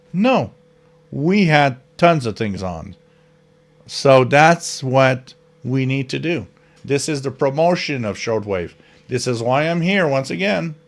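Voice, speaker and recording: Slow-talking enthusiastic male stream host. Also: medium pitch. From North America. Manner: enthusiastic, emphatic, chatty. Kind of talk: casual live-stream chat.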